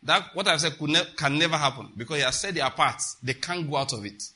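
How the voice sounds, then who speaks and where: A man delivers an emphatic sermon, often checking whether his listeners are following. His voice sits a little high and sounds very bright and cutting. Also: quick pace. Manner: emphatic, asks the congregation questions. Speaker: preacher.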